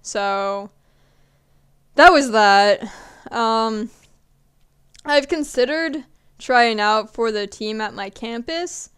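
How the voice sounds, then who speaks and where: A woman's voice: fairly high pitch, extremely slow, long pauses, a bit bright, smooth. A young woman in her early twenties telling casual stories in a chatty way, swearing now and then and acting out what people said. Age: young adult. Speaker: vlogger. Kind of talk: casual storytelling.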